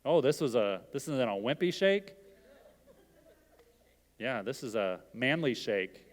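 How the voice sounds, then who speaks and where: A man's voice: medium pitch, big pitch swings, unhurried. Conversational man preaching in a reverberant hall. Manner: conversational, asks the audience questions. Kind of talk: interactive sermon.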